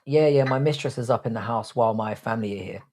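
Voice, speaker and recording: A young man hosts a casual live stream, bantering and answering chat in a cocky, crude way. His voice sits at an ordinary middle pitch, and he talks loosely, with a swaggering, teasing edge. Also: fast talker, darkish tone. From Britain. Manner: crude, cocky banter, calls himself "your boy". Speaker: livestream host. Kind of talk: casual live chat reading out viewer comments.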